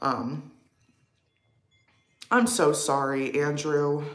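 A woman's voice: low voice, very slow. Chatty young woman in an echoey room. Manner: chatty and rambling, lots of "like", answers chat. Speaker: livestream vlogger. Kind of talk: casual get-ready-with-me livestream chat.

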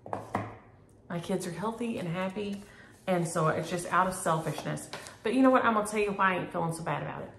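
A middle-aged woman, chatting homey and warmly to her viewers about stitching and mail. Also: lowish voice, fairly quick, gravelly, noisy background. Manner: homey, chatty, uses y'all. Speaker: flosstube host. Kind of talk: casual chat to camera. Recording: echoey room.

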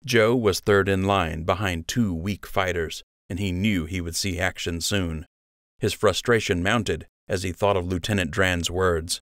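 A man narrating an audiobook in a steady, measured storytelling manner, read into a close microphone. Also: sits low, no room sound. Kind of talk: scripted narration.

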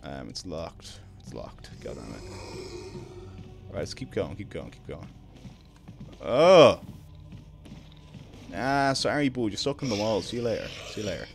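Low, gravelly Irish guy streaming games. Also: expressive, over music. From Ireland. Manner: laid-back, drawn-out ums, greets chat. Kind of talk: casual live-stream chat while gaming.

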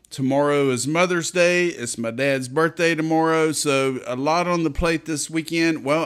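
A man in his fifties from Texas, hosting a casual crypto commentary video in a blunt, profane, talkative way. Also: a little high. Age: 50s. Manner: blunt, profane, chatty with swings of loudness. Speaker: crypto show host.

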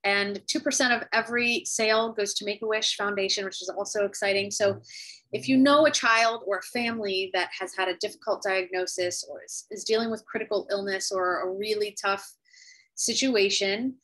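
A woman of ordinary pitch shares a personal story as an author, speaking straight to camera. She talks earnestly and from the heart, slowing down and pausing to reflect. It sounds like a video call. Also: steady tone, a bit bright, rough recording. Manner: heartfelt, earnest, with pauses and slow stretches. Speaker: author sharing her story.

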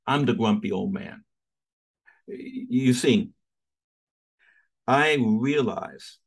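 Middle-aged New man, impassioned theology lecture, slow and deliberate, midrange voice. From United States. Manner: impassioned, wide swings in pitch and loudness, repeats words as he searches. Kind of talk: sermon-like lecture.

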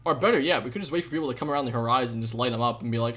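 A young man live-streaming a game, chatting with viewers in a jokey, rambling way with sudden loud outbursts. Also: medium pitch, racing. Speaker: gaming streamer. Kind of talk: live gameplay commentary with chat.

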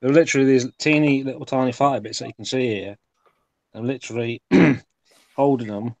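A man's voice: mid-range voice, darkish tone, dull audio. A man who builds models, talking plainly about what he is doing as he works. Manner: plain-spoken, narrating his work. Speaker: model maker. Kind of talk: casual chat while building a model. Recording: faint noise with clicking.

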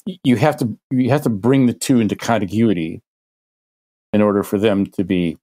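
A man with a fairly low voice talks through an idea on a podcast. He builds long hypothetical examples and often restarts his phrases as he thinks aloud. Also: moderate pace, warm tone. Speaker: guest expert. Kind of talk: conversational podcast explanation.

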